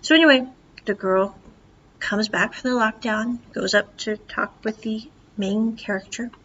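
A woman with a fairly high voice talks through a TV episode in a loose, chatty podcast review. She jumps into the characters' lines as she retells the plot. The recording is a bit muffled and lo-fi, with a faint hiss underneath. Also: unhurried. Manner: chatty and animated, acts out the dialogue.

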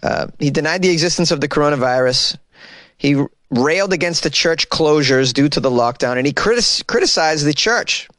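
A man's voice: brisk, fairly bright tone, no echo. A man doing comic news commentary, reading headlines aloud and mocking them with sarcastic, wry asides. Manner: sarcastic and wry, with sudden incredulous jumps in pitch.

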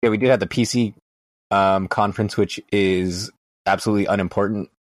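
Podcast guest, man, low deep voice, deadpan casual storyteller, dry mic. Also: fairly quick, no room sound. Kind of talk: casual chat.

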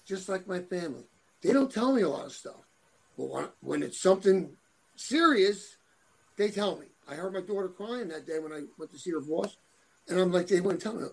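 A man's voice: high voice, lively intonation, normal speed, vocal fry, a little mellow, low-quality recording. A middle-aged man chatting as a guest, rambling and repeating words as he searches for them. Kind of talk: casual chat.

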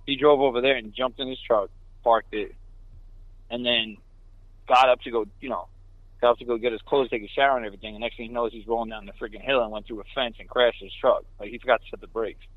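Fast-talking truck driver on a phone line. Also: male voice, mid-range voice, no room sound. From New York City. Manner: fast, animated, laughing asides. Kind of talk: casual storytelling. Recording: dry tinny phone line.

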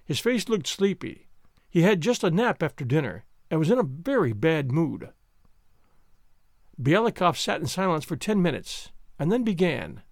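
A man narrates a classic story with expressive, animated intonation. His voice sits a little high. The recording is dry and close, with no room sound. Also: moderate pace, no echo. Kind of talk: audiobook reading of a classic story.

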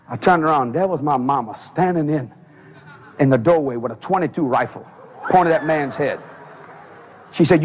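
A man preaching a sermon, telling a story with lots of energy and shouting out the voices he quotes. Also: on the high side, a little fast, pauses often, a little hiss or hum. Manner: animated, shouting quoted voices, laughing along.

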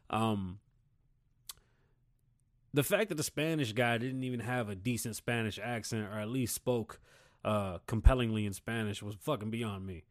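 A man in his thirties from Puerto Rico, hosting a podcast with a blunt, heated, swear-heavy rant. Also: mid-range voice. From Puerto Rican. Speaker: podcast host. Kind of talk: casual profane rant.

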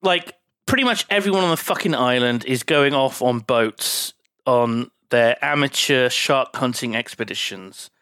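A man's voice: medium pitch, a little slow, fairly bright tone, dry recording. A man co-hosting a podcast, casually retelling a film with plenty of swearing and filler words. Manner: swears freely, rambling with fillers. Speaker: podcast co-host.

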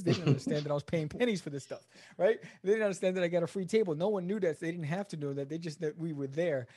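A man's voice: fast, few pauses, breathy edge. A man, a comic creator telling stories as a guest in a casual interview, acting out the people he quotes. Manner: animated, acts out quoted people in a higher voice.

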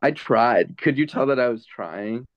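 A man's voice: mid-range voice, animated, unhurried, dry recording, lo-fi sound. A man improvising as a hesitant therapy client in a comedy role-play.

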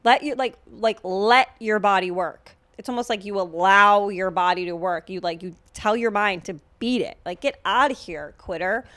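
A woman's voice: mid-range voice, normal speed, hardly any pauses, fairly bright tone, no room sound. A woman co-hosts a podcast in loose, casual chat. She is blunt and swears freely, jokes as she goes and fills her talk with "like" and "literally". Her voice is dry and close, with no room sound. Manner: blunt, profane and joking, with many fillers. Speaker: podcast co-host.

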